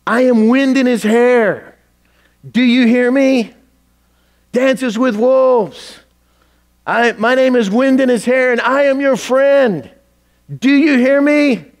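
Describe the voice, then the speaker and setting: A man voicing a fierce male warrior who yells a farewell to his friend at the top of his lungs. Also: very high voice, slow pace, long pauses, voice pushed up, heavily acted. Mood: impassioned. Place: church sanctuary.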